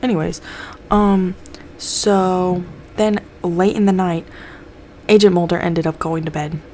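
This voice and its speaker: A young woman chats through a TV episode recap in a loose, profane way, jumping into the characters' lines as she goes. Her voice sits a little low, and a faint hiss of background noise runs under it. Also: steady tone, measured pace, a little mellow. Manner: loose, swears a lot, acts out characters' lines. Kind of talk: casual recap chat.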